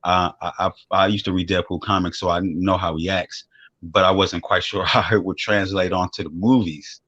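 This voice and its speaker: Low-voiced laughing man telling stories. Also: fairly even intonation, normal speed, a bit bright, no room sound, lo-fi sound. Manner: loose storytelling, swears, laughs often. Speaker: radio show host. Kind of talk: casual chat. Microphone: studio microphone.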